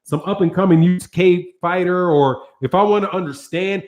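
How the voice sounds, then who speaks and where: A man's voice: sits high, normal speed, a little mellow, lo-fi sound. An American man hosting a boxing channel, ranting in a casual, profane, slangy way with plenty of rambling and restarts. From United States.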